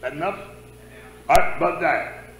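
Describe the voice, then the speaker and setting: Bright-voiced preacher in an echoey church. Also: male voice, fairly high pitch, moderate pace, slight background noise. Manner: conversational, asks the congregation questions. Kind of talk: sermon with congregation questions.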